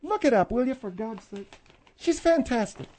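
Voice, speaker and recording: A woman's voice: a little high, animated, normal speed, a little mellow. An older woman co-hosting a radio show, bantering in a bossy, teasing way. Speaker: radio co-host.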